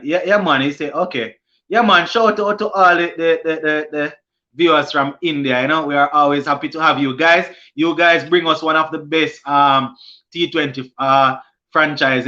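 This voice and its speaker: A man's voice: fairly high pitch, sharp tone. A young man with a Jamaican accent hosting a cricket live stream, reading viewer comments aloud and answering them in a casual way. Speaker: sports channel host. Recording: lo-fi stream audio.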